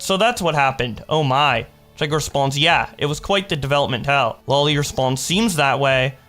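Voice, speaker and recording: A man's voice: on the high side, a bit bright. A young man doing commentary, reading chat messages aloud with sarcastic asides. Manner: sarcastic, reads messages aloud in put-on voices. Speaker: commentary YouTuber. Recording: faint music behind.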